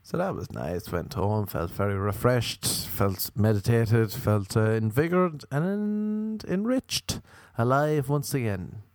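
A man's voice: lowish voice, measured pace, vocal fry, few pauses, a little mellow. A man doing a stand-up comedy monologue, rambling and self-mocking with crude jokes.

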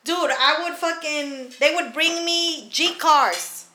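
A young woman in casual podcast chat, blunt and full of profanity. Her voice sits a little high and sounds bright and forward. The room around her has a noticeable echo. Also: takes it slowly. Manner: blunt and profane, recounting her youth with laughs. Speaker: podcast co-host. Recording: echoey room.

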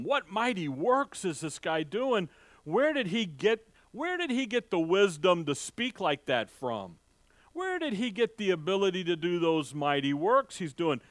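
A pastor teaches the Bible verse by verse in a slow, dry voice with no echo. Keeping it conversational, he acts out the townspeople's voices with rising pitch, makes halting restarts, and reads King James verses slowly.

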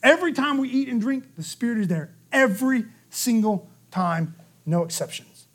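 A man preaching a sermon, telling the story lively and acting out the quotes, with a frequent "okay?" to the room. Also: very high voice, quick pace. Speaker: pastor.

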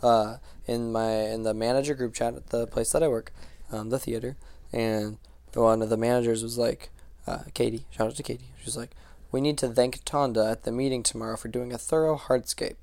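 Young male co-host, gravelly, laid-back and halting, dry recording. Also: mid-range voice, no room sound. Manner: relaxed, halting, eating while talking. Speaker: podcast co-host. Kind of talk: casual chat.

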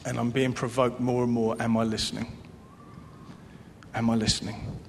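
A man preaching a sermon in an earnest way, repeating phrases and swinging between loud emphasis and hushed, soft passages. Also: little pitch movement, moderate pace, creaky. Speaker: pastor. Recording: long hall reverb with faint low rumble.

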